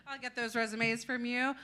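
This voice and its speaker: Slow-talking, high-voiced woman emcee. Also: bright, forceful tone, smooth. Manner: upbeat, cheering on the audience. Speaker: event host. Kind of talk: emceeing between acts.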